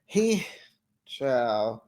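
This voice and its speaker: Reality TV reviewer, casual commentary, very expressive swooping pitch, animated, talks back to the screen. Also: very slow. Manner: animated, talks straight to the cast, acts out quotes.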